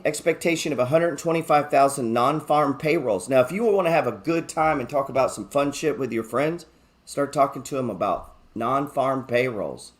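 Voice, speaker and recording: A man of medium pitch and moderate pace hosts a live show about the stock market. He keeps things casual, joking and swearing without restraint while discussing his trades, and he reads viewer chat out loud.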